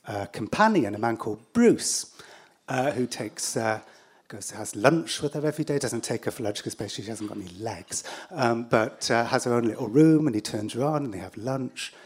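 An English man telling a story live to an audience, wry and self-deprecating, with halting fillers. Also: mid-range voice, lively intonation, slightly rough.

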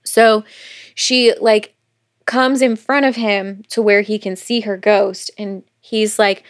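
A woman co-hosting a podcast, retelling a novel's plot in a casual chat with quick quoted asides, swearing and laughter. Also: medium pitch, fairly even intonation. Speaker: podcast co-host. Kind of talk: casual book recap chat.

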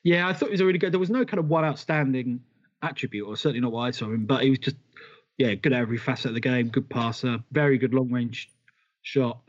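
A man's voice: mid-range voice, fast talker, highs cut off. A man co-hosting a casual football podcast, chatty and self-deprecating, with the odd swear word. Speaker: podcast co-host.

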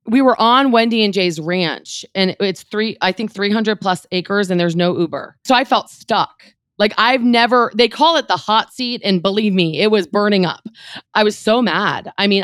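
In an interview, a real estate team leader in her thirties shares a candid personal story, animated and emotional and saying "like" a lot. Her voice is medium in pitch, and the studio-quality recording has no room sound.

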